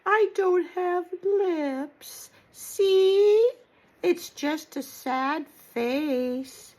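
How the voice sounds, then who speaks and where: A woman's voice: extremely high pitch, slow, pitched above the performer's own voice. An older woman voicing a sad little puppet with no lips in a children's puppet show.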